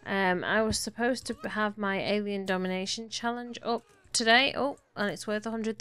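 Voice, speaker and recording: A woman's voice: medium pitch, fairly even intonation, normal speed, hardly any pauses, sharp tone, soft background music. A woman giving casual commentary on a life-simulation game, chatting fondly to her characters as she plays. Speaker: gaming YouTuber. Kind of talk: casual Let's Play commentary.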